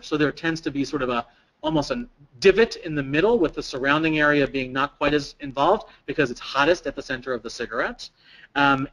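Male trainer, slightly high pitch, interactive lecture style, draws answers from the room. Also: a bit bright, low-quality recording. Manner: engaging, questions the audience and repeats their answers. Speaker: presenter at a staff training. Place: training room with a live audience.

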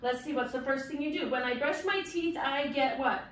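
Recorded from afar in a highly echoey classroom with faint noise behind her, a woman teaching kindergarten leads a vocabulary lesson. Her voice is bright and high, and she questions slowly and patiently, prompting the kids to repeat her words back.

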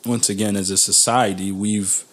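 A man's voice: lowish voice, level tone, moderate pace. A young man hosting a podcast in casual chat, laid-back and slangy, often restarting his sentences. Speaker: podcast host.

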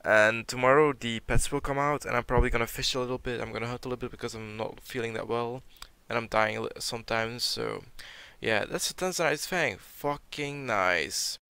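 A young man who is sick gives casual game commentary with a gravelly, bright, crisp voice. He reads out loot drops and curses when something surprises him. He is recorded close and dry on a home mic. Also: medium pitch, fairly quick, hardly any pauses, no echo. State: sick, sounding a bit off. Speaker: gaming video creator.

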